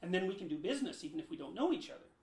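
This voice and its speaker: A high-pitched man answers interview questions at length in an emphatic, lecturing way. His loudness swings sharply from forceful to quiet. The room around him rings with a noticeable echo. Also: very animated, racing, gravelly, slight background noise. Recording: roomy echo.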